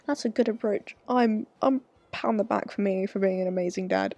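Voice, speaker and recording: A woman's voice: medium pitch, fairly even intonation, moderate pace, creaky, hardly any pauses, dark tone. A young woman streaming a dating game, chatting, swearing freely and reading the story aloud with jokey asides. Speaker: gaming streamer.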